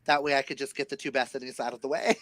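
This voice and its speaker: A man's voice: medium pitch, flat delivery, rapid-fire, fairly bright tone, dry recording, poor audio. A man co-hosting a casual live-stream chat, giving playful, dramatic oracle card readings. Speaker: co-host reading oracle cards.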